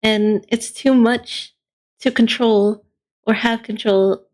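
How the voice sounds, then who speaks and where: A woman chats casually, giving blunt opinions and quick reactions. Her voice is slightly high. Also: fairly even intonation, a little mellow. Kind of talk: casual chat.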